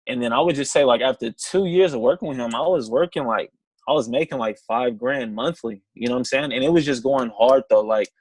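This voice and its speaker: A young man on a video call, telling his story in a casual, animated way and acting out both sides of phone calls. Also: mid-range voice, no echo, low-quality recording. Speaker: distributor sharing his story on a team call.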